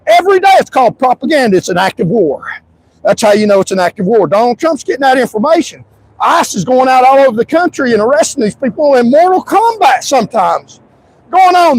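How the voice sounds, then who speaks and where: A man talking on a livestream in an insistent, repetitive way, stretching out key words and sometimes shouting. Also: very high-pitched, rough recording. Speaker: livestream commentator. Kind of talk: emphatic livestream monologue.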